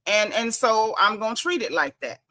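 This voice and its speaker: A woman's voice: medium pitch, lively intonation, normal speed, sharp tone. A woman hosting a casual gossip commentary show, chatty and sassy, laughing and reading blog posts aloud with her own asides. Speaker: host.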